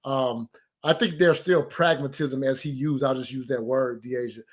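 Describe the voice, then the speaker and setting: A man hosts a call-in talk show, thanking one speaker and handing over to the next. His manner is gracious and keeps the talk moving. His voice sits at a middle pitch. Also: fairly even intonation, normal speed. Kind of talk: hosting a call-in discussion.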